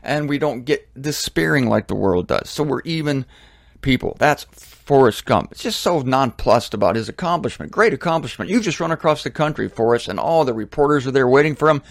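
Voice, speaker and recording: Rambling, animated man in a dry studio. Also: mid-range voice, brisk, creaky, no room sound. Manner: rambling, animated, self-deprecating. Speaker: host of a religious talk series. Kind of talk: casual monologue. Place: home studio. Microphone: studio microphone.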